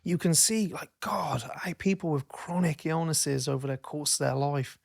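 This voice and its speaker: A man co-hosting a podcast in casual chat, rambling and self-interrupting, swearing freely and getting animated when he tells stories. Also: on the high side, normal speed, gravelly. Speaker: podcast co-host.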